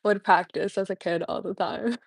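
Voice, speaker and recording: A bubbly young woman chatting with viewers on a live stream, laughing often as she answers chat questions. Her voice sits at a middling pitch. The recording is dry and close. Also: fairly even intonation, normal speed, husky, no room sound. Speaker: livestreamer.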